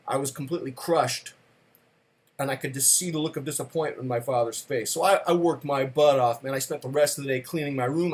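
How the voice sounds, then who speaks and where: A man telling a story from his childhood in a conversational talk, with casual fillers and slow, emphatic beats. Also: medium pitch. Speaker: speaker telling a personal story.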